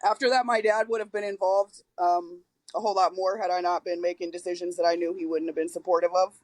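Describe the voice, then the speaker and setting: A woman's voice: on the low side, fairly even intonation, fast talker, dry recording, rough recording. A woman in her forties, a guest on a podcast, telling her own story candidly and frankly, with casual swearing. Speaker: guest, reentry liaison.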